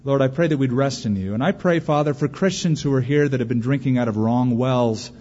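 Man preaching in a reverberant hall. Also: medium pitch. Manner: animated preaching with acted-out quotes and dramatic pauses. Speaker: pastor. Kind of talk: sermon. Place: large church auditorium. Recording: muffled recording in a large reverberant hall.

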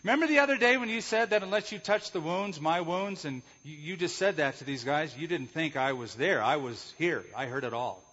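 A man voicing Jesus as a grown man, speaking gently and plainly to a doubting follower. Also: a little high, a little fast, few pauses, breathy edge. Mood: gently reassuring. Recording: echoey hall, dull lo-fi sound.

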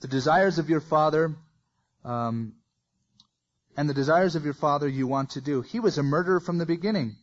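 A man's voice: on the high side, moderate pace, lo-fi sound. A man preaching a verse-by-verse sermon, reading scripture aloud with folksy asides.

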